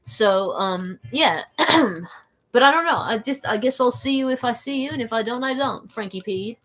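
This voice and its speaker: A woman's voice: on the high side, lively intonation, normal speed, fairly bright tone. A young adult woman live streaming, reading chat aloud in a playful, rambling way, often saying "like" and slipping into silly voices.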